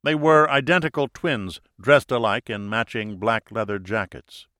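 A man narrating a thriller audiobook in a measured, dramatic storytelling manner. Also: on the low side, sharp tone, dry recording, studio quality.

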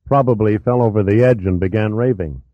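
A man voicing a weary middle-aged coroner who explains things softly. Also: lowish voice, a little fast, dry recording, lightly acted. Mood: measured. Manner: soft, explanatory. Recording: tinny narrow-band audio.

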